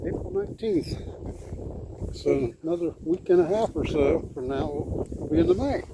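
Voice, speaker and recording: Brief: man with a slightly high voice, plain matter-of-fact chat, outdoors with loud wind. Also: expressive, normal speed. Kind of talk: casual chat while walking. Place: outdoors in a park on a cold windy day.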